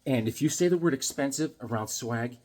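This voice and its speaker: A man hosting a comic book channel, telling goofy stories in a rambling, animated way full of restarts. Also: mid-range voice, brisk. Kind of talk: casual storytelling vlog.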